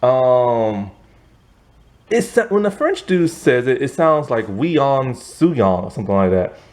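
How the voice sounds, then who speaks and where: A man's voice: mid-range voice, big pitch swings, measured pace, darkish tone. A young American man giving a rambling, casual movie review, full of fillers and restarts. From United States.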